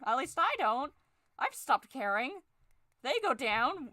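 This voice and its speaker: A young woman chatting casually while she draws, sarcastic, swearing freely, and jumping into shrill forced cheer. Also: sing-song, normal speed, pushed and bright, no room sound, clean studio sound. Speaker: drawing vlogger. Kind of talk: casual chat while drawing.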